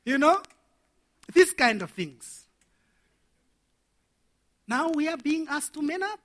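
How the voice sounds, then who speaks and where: A man preaching a sermon to men, animated and laughing as he acts out little scenes. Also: very high-pitched, takes it slowly, pauses often.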